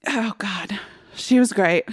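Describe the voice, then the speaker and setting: A woman's voice: mid-range voice, slow, husky. A woman co-hosting a podcast, chatting casually about a film and acting out scenes with lots of laughter. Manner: animated retelling, acts out lines, laughs often. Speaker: podcast co-host. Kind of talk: casual movie chat.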